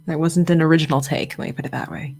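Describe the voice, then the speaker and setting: Mellow-voiced woman casually retelling a story. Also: low-pitched, fast, vocal fry, a little hiss or hum. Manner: chatty, animated storyteller. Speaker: streamer and painter. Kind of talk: casual chat and storytelling on a live stream. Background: faint music.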